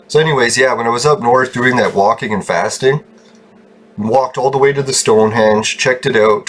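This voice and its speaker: A man's voice: medium pitch, a bit bright, a little hiss or hum. Angry swearing male streamer ranting. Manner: angry, heavy swearing, rambling. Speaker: game streamer. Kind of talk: ranting casual stream talk. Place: room at home.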